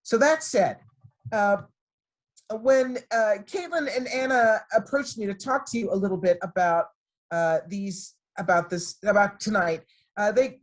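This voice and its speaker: Encouraging woman speaking on a video call. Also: mid-range voice. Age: middle-aged. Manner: warm, encouraging, storytelling. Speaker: guest speaker. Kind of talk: talk to students over a video call. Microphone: computer microphone on a video call.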